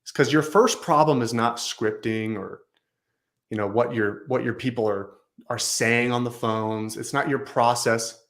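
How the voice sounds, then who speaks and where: A man's voice: mid-range voice, fairly even intonation, a little slow, a bit bright. A man speaking as a guest on a business talk show, telling a story with emphatic repetition. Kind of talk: storytelling in conversation.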